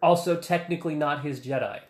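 A man's voice: a little high, brisk. A man co-hosting a podcast, chiming in with dry, teasing jokes. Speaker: podcast co-host. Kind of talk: casual podcast chat. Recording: echoey room.

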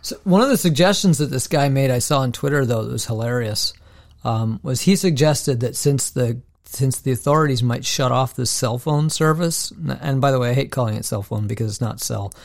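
A man's voice: medium pitch, a little fast, vocal fry. A man co-hosting a podcast, telling stories in a rambling way with many restarts. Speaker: podcast co-host. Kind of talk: casual podcast chat.

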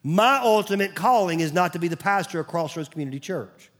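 A man's voice: high-pitched, lively intonation, fairly quick, a bit bright. A man, preaching a sermon as pastor in a conversational way, sometimes dropping to a near-whisper. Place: church stage.

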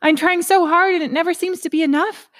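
A woman voicing her anxious inner hyperachiever, a frantic, overwhelmed woman who pleads in a rushed, high voice. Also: steady tone. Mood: frantic pleading.

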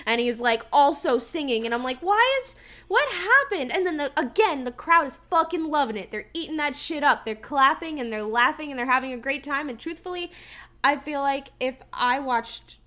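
A young woman co-hosting a casual podcast, retelling movie scenes in an animated way, with swearing and exclaimed questions. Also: sits high, moderate pace. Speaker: podcast co-host. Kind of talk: casual movie review chat.

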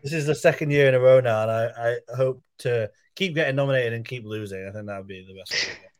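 Casting note: laid-back male guest, mid pitch, dry sound. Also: fast talker, no echo. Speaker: comic book artist guest. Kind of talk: casual interview chat.

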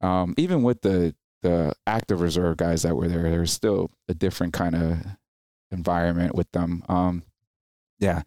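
In a casual podcast interview, a thirty-something Marine veteran shares stories, voicing the people he quotes loudly and with lots of animation. His voice is low and his pace moderate. The studio recording is clean, with no echo.

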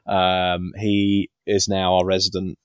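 Rambling low-voiced man. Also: monotone, slow pace, clean tone, no echo, studio quality. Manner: rambling, chuckling, self-deprecating. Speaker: podcast co-host. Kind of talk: casual podcast chat.

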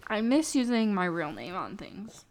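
A woman's voice: medium pitch, big pitch swings, normal speed, vocal fry, darkish tone. A young woman co-hosting a podcast, chatting casually with her sister, rambling with lots of fillers and giggles. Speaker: podcast co-host. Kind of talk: casual chat.

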